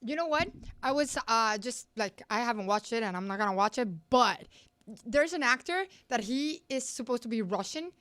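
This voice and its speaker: A woman co-hosting a podcast, chatting in an animated, playful way. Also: fairly high pitch, moderate pace, no echo. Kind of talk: casual podcast chat.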